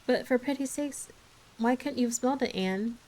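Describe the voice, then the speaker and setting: A woman voicing a brisk, stern older woman who scolds sharply. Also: sits high, a little mellow, pitched above the performer's own voice, lightly acted, rough recording. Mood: exasperated.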